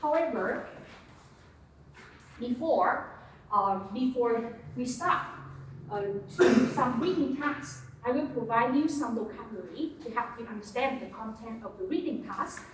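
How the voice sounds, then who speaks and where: A woman's voice: fairly high pitch, lively intonation, a little slow, a little hiss or hum. A woman teaching English to a class, patiently prompting students and repeating words. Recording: echoey classroom from far off.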